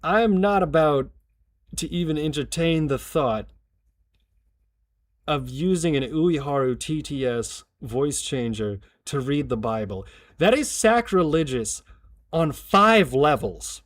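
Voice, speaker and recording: A man's voice: a little high, expressive, takes it slowly. A man streaming a game, chatting casually in a rambling, jokey way with plenty of swearing. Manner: rambling, profane, jokey asides. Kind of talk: casual chat while gaming.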